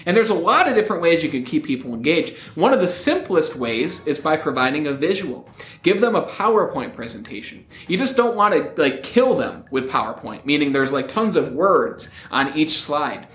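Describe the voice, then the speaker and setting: Lively upbeat man coaching speakers. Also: a little high, normal speed, echoey room. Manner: energetic, rising upbeat intonation. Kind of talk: upbeat motivational teaching to camera.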